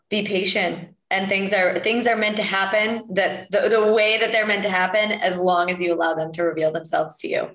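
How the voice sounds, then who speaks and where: A woman's voice: fairly low pitch, fairly bright tone. A woman co-host who reflects on and affirms what the guest says. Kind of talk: interview chat. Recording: roomy echo.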